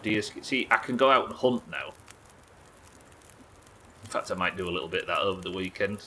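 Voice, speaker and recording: A man's voice: on the low side, pushed and bright, a little hiss or hum. A man chatting loosely while streaming a survival game, rambling, swearing and joking at his own expense. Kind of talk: casual gameplay commentary.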